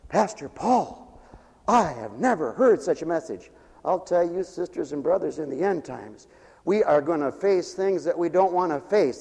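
A man's voice: high voice, darkish tone. A man preaching a sermon to his congregation in a church, impassioned, calling out to the people in the pews and demanding a response. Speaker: pastor. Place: church sanctuary. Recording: long reverb of a large hall.

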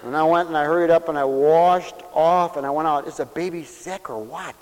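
A man preaching a sermon with emotion, swinging between hushed asides and loud exclamations. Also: on the high side, a little fast, long reverb tail, rough recording.

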